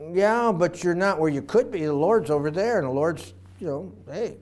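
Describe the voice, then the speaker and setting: A man preaching a sermon in an animated way, acting out voices and swinging between loud and quiet. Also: high-pitched, normal speed. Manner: animated, acts out voices, varies loudness widely.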